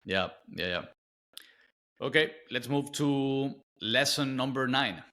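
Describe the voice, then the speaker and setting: Man, podcast host, bright sharp tone, halting long questions, restarts. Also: medium pitch, lively intonation. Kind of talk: podcast interview.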